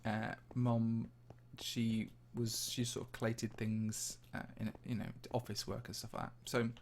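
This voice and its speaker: A man's voice: medium pitch, completely flat delivery, unhurried, darkish tone, slight background noise. A man with a slightly posh English accent, casually chatting and answering viewer questions as he tours a game map. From English Midlands. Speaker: Minecraft channel host. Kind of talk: casual livestream chat while touring a game map.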